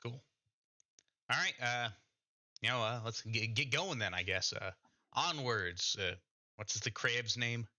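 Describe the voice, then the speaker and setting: A man's voice: mid-range voice, unhurried, pauses often, pushed and bright. A man voicing a restless, crude male traveling companion who curses and stammers. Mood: curious. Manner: blunt, cursing, stammering.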